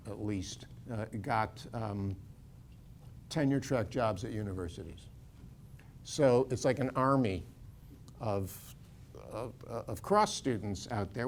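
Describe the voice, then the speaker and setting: A man's voice: medium pitch, slight background noise. An older man, a Bible scholar, gives an informal lecture full of anecdotes, with frequent fillers and restarts. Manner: digressive, many fillers and restarts.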